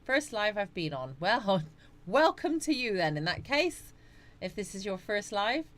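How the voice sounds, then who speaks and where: Hosting an easygoing home livestream, a middle-aged woman says hello to viewers by name and reads their comments out loud. Her voice sits at medium pitch, very animated yet unhurried, with a fairly bright tone. She chats freely, often yawning and laughing.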